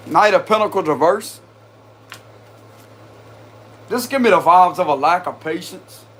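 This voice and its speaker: A bit slow in delivery, this man has a high, fairly bright voice, with slight background noise present. He's doing a laid-back tarot reading, chatting in slang directly to viewers and laughing often.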